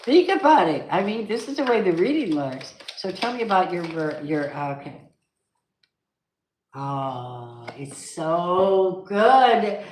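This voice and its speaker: A woman with a low voice reads tarot cards aloud in a loose, emphatic way and talks straight to her viewers. Her voice bounces around a reverberant room. A faint hiss sits under the recording. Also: animated, normal speed, hardly any pauses, darkish tone. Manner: chatty, emphatic, sings snatches of songs. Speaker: tarot reader. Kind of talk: casual tarot reading monologue. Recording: echoey room with faint noise.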